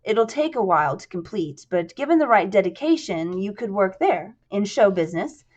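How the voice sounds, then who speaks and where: A woman voicing an authoritative male businessman with a measured, persuasive delivery. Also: mid-range voice, sing-song, highs cut off.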